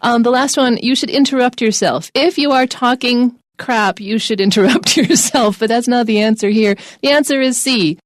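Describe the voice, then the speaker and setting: Woman, fairly high voice, jokey English teacher, dry studio sound. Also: dry recording. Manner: jokey, laughs often, quick asides. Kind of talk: playful English lesson.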